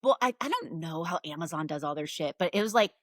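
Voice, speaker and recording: A woman guest author on a podcast, telling stories in an animated way and swearing casually. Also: low voice, fast talker, no echo, clean studio sound.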